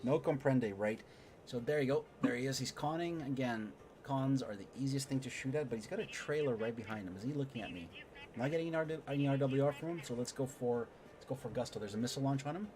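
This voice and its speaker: A man streaming a flight sim, explaining his systems and muttering excited remarks while he fights. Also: mid-range voice, fast, a little hiss or hum. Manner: excitable, mutters to himself mid-dogfight. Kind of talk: live gameplay commentary and tutorial.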